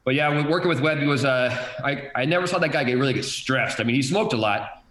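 A man's voice: medium pitch, fast talker, a bit bright, roomy sound, rough recording. A man telling stories from his career in sports television, rambling with many repeated words and fillers. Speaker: guest, sports TV director. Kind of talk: casual chat.

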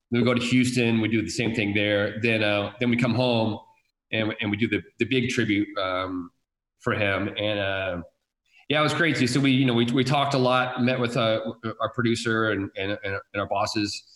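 A man who works as a TV sports director tells a story in a casual, halting and reflective way. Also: fairly low pitch, steady tone, a bit bright. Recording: roomy echo.

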